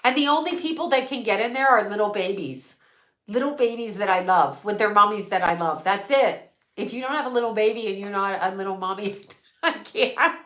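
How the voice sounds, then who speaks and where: Middle-aged woman, psychic medium, blunt casual chat, bright voice, echoey room. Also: mid-range voice, fairly quick. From United States. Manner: blunt, laughs often, swears freely.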